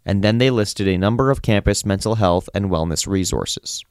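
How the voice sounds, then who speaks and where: A man's voice: on the low side, clean tone, dry recording, studio quality. Man reading radio news. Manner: steady, measured newsreading. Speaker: campus radio news reporter. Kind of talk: read news report. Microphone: studio microphone.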